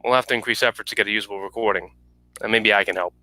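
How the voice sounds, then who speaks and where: A man's voice: on the low side, steady tone, very fast, pushed and bright, no room sound, rough recording. A man reading a polite, businesslike official. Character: earnest male government official, patient.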